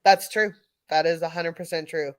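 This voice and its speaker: A woman's voice: fairly low pitch, dry recording. Middle-aged woman from california telling a story, lots of laughing and false starts, dry mic. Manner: animated, laughs often, halting restarts. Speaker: panel speaker. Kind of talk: casual storytelling chat.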